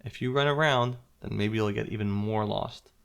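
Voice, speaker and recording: A man voicing a caring mother in a children's story, gently explaining rules to her little daughter. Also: on the low side, moderate pace, creaky, smooth. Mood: instructive.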